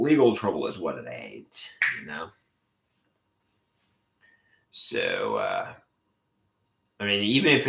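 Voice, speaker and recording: A man rambles through a live stream from his room, cursing often and circling back to the same complaints. His voice sits low but swings widely in pitch, with a bright, sharp edge. The room around him sounds echoey. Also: gravelly. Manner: rambling, profane, repeats himself. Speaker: livestreamer. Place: own room at home.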